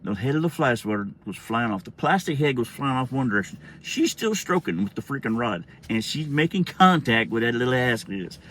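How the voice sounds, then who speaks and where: Animated middle-aged man telling a story. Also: mid-range voice, fairly quick, hardly any pauses, a little hiss or hum. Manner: rambling, animated, profane. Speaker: storyteller vlogger. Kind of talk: casual storytelling.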